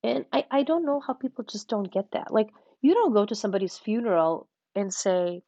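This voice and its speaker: A woman guest speaking candidly in an interview, telling her story in a frank, animated way and acting out what other people said. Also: a little fast, hardly any pauses, no room sound. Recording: muffled low-fidelity audio.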